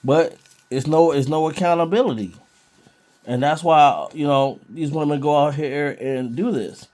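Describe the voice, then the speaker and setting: A man's voice: fairly high pitch, unhurried, a little mellow. A man preaching informally from scripture in a blunt, scolding way.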